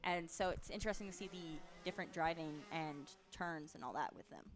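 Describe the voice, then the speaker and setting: A woman commentating a live kart race in a chatty, excitable way, laughing often and reacting loudly to passes. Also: deep voice, fairly quick, faint music behind.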